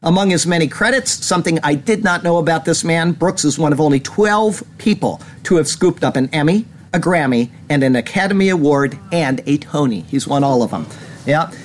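A man's voice: a little high, brisk. A man hosting a casual commentary show, rambling and retelling stories with laughs. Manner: rambling, animated storytelling with laughs. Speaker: host.

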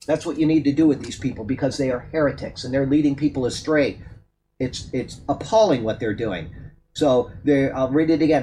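A man's voice: mid-range voice, a little fast, a little mellow, a little hiss or hum, poor audio. A man teaching a Bible study. He reads a passage aloud and then comments on it in a loose, conversational way with fillers, and turns firm and emphatic on points of doctrine.

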